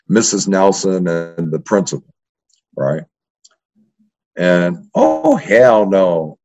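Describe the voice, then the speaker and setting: An older man, a history professor, telling profane stories from his youth in a casual interview, with constant "right?" tags. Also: lowish voice. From East Los Angeles. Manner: profane, animated, keeps adding "right?". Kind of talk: casual storytelling. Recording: dull lo-fi sound.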